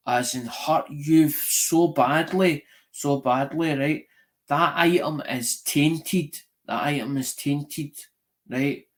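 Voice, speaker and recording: A middle-aged Scottish man hosting a live-stream show, chatting casually and telling a rambling story peppered with "right?" and swearing. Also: mid-range voice. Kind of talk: casual chat.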